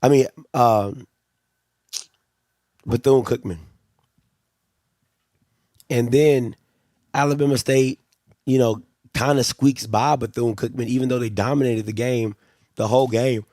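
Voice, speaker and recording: A man's voice: mid-range voice, fairly even intonation, unhurried, pauses often, warm tone, no echo, clean studio sound. A man hosting a live stream, talking in a casual, rambling and exasperated way and often repeating himself. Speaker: livestream host. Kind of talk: casual sports commentary.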